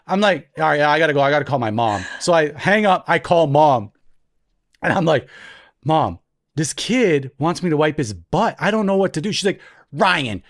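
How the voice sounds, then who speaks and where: Speaking at a normal speed with a slightly high voice, this young podcast co-host tells a story in casual conversation. He's animated, loudly performing the voices of the people he quotes.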